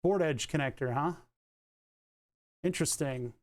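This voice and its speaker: Young man streamer, casual rambling repair talk, higher pitch. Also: measured pace. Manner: thinks aloud, rambling, swears casually. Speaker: streamer doing car electronics repair. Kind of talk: casual live-stream commentary.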